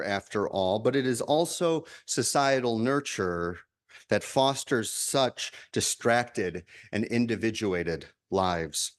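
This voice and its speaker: A male minister giving a measured, reflective sermon, repeating key lines for emphasis. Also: mid-range voice.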